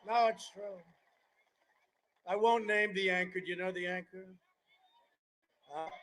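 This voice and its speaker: A man's voice: sits high, steady tone, measured pace, fairly bright tone, poor audio. A man in his seventies giving a campaign rally speech, rambling and digressive, with mocking asides. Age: 70s. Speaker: politician addressing a campaign rally.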